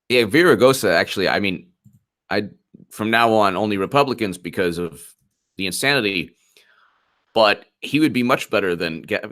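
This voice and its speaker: His voice sits low but has a fairly bright tone as he hosts a political commentary stream. Reading chat and reacting live to polls, he keeps giggling, mocking and laughing.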